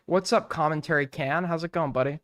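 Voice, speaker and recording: A man's voice: a little high, brisk, fairly bright tone, no echo, clean studio sound. A man streaming live, reacting to clips with crude, rambling, irreverent commentary.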